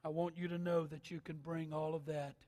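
A man preaching an altar call sermon, reading scripture and building to shouted, sing-song appeals. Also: on the high side, level tone, brisk, faint music behind. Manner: reads scripture in King James wording.

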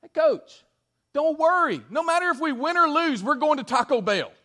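A man's voice: extremely high pitch, animated, normal speed, pushed and bright, voice pushed up, exaggerated voice. A man putting on a carefree young hoops player. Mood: breezy. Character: carefree young male basketball player, unbothered.

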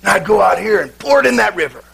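Man playing a sweaty, frothing preacher, shouting, high and raspy. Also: expressive, quick pace, exaggerated voice. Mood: fiery shouting. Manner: shouting, fired up. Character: frothing, sweating male preacher yelling against drink.

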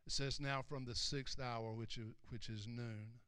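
A man preaching a sermon, reading scripture aloud and explaining each verse, building from quiet reading to loud, emphatic preaching. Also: medium pitch, fairly even intonation, unhurried, clear, resonant tone, no room sound, clean studio sound.

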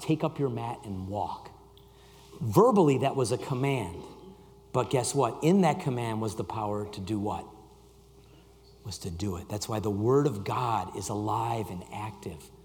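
A man's voice: medium pitch, moderate pace. Man preaching in a reverberant hall. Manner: animated, swings from loud emphasis to quiet intensity; reads scripture aloud and jokes with the congregation. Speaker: pastor. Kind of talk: sermon. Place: church sanctuary. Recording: long reverb of a large hall.

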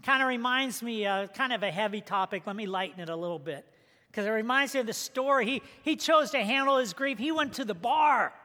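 In a church sanctuary with long reverb, a male pastor preaches fairly quickly in a high, bright, forceful voice. His sermon includes a soft, hushed prayer and a joke, and he tells stories in a lively way, acting out the characters.

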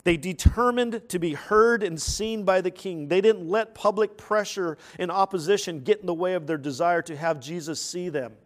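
Male preacher with a high voice, animated and emphatic, who rises to sudden loud outbursts and keeps asking his listeners questions. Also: moderate pace, hardly any pauses. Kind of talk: sermon.

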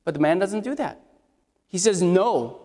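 A man's voice: high voice, animated, moderate pace, a little mellow. A man preaching a sermon as pastor, asking his congregation emphatic rhetorical questions. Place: church sanctuary. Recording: long hall reverb in a church.

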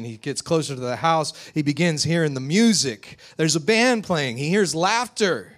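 A man preaching a sermon, retelling a story in a lively, vivid way. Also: on the high side, moderate pace, few pauses. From West Texas. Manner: animated, vivid retelling with acted quotes. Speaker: pastor.

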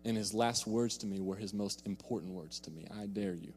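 A man's voice: lowish voice, fairly quick, darkish tone, slight background noise. A young man preaching a sermon, telling a personal story in an earnest way and repeating words when he is emphatic. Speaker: pastor. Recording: long reverb in a large hall.

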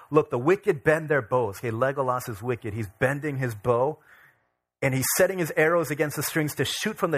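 A man in his thirties preaching a sermon as pastor, conversational and animated, with casual asides. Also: a little high. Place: church.

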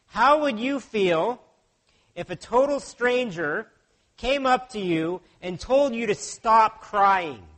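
High-voiced man preaching a sermon. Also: lively intonation, slow pace, fairly bright tone. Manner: earnest, asks the listeners rhetorical questions. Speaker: pastor.

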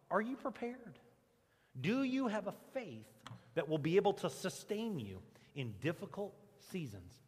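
A male pastor preaching a conversational, animated sermon and leading the congregation in repeating lines. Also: high voice. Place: church sanctuary. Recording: long reverb of a church hall.

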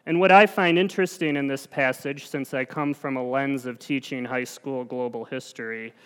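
A man's voice: medium pitch, steady tone, moderate pace, fairly bright tone, smooth. Earnest man preaching in a reverberant church. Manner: earnest, self-deprecating and conversational. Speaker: lay preacher. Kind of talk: sermon. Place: church sanctuary.

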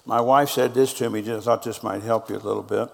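In a large hall, a middle-aged man with a lowish, steady voice preaches quickly, vocal fry running through his words. He's a pastor telling stories during a sermon, quoting what people said to one another.

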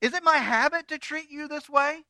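A man's voice: very high-pitched, moderate pace, bright, forceful tone, no echo, studio quality, voice pushed up, heavily acted. A man voicing an exasperated talking female donkey, pleading with its rider in a raised, pleading voice.

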